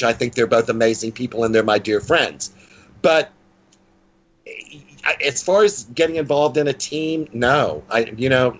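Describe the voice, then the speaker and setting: A man's voice: medium pitch, fairly bright tone, dull audio. Blunt, playful man in his sixties. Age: 60s. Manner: blunt, playful and self-mocking. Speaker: guest psychic. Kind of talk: casual interview talk.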